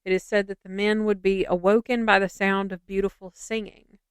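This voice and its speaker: A woman's voice: mid-range voice, flat delivery, fairly quick, clear, resonant tone, no echo. A woman co-hosting a podcast, reading a local legend and then chatting skeptically in a loose, rambling way. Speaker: podcast co-host. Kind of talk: casual podcast chat and story reading.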